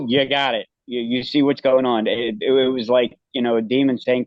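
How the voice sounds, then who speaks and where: A man as an interview guest, telling a personal story in a halting, earnest way with many restarts. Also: medium pitch, fairly even intonation, dry recording, dull audio.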